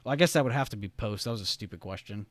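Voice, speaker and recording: A man's voice: fairly low pitch, racing, dry recording. A young man from the United States hosting a casual trading live stream, rambling and reading chat messages aloud.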